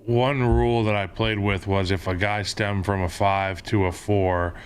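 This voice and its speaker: A man who played offensive line, chatting casually and explaining football technique in a relaxed way. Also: on the low side, a little slow, clean tone. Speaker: former offensive lineman, podcast guest. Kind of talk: casual chat.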